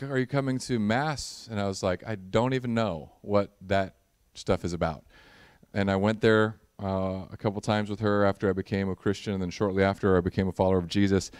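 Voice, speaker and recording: A man's voice: fairly low pitch, smooth, dry recording, clean studio sound. A man in the role of pastor, preaching a conversational sermon that mixes humorous storytelling with earnest prayer.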